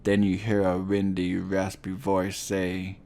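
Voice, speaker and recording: Male narrator, very low and monotone, unhurried, somber horror storytelling. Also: vocal fry, slight background noise. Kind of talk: scripted ghost-story narration.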